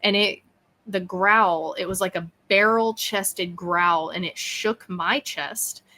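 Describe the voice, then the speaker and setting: Woman on a video call, bright voice, chatty and animated, does the voices when she tells a story. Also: lowish voice, takes it slowly. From East Texas. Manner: animated, acts out quoted dialogue. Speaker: podcast host and guest. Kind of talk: casual interview storytelling.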